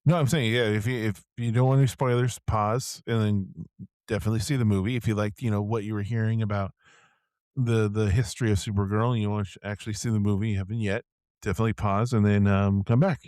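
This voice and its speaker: A man's voice: fairly low pitch, steady tone, quick pace, a little mellow, no echo. A man co-hosting a podcast, chatting casually and hesitantly, circling back on himself mid-thought. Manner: hesitant, many fillers and restarts. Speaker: podcast co-host. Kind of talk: casual chat.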